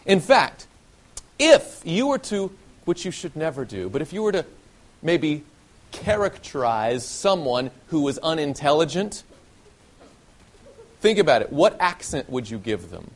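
A man from the southern United States giving an animated sermon-style talk to young people and asking many rhetorical questions. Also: fairly high pitch, measured pace, long pauses. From Southern United States (Nashville, Tennessee). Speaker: youth speaker.

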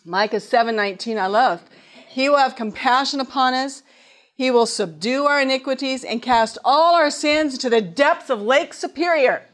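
A woman's voice: sits high, moderate pace, a bit bright. Earnest woman preaching a sermon. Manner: earnest, reads scripture aloud, asks the audience questions.

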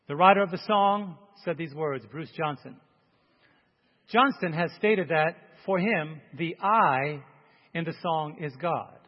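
A man preaching emphatically, reading song lyrics aloud slowly to make his points. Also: fairly high pitch. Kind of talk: sermon. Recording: dull, long hall reverb.

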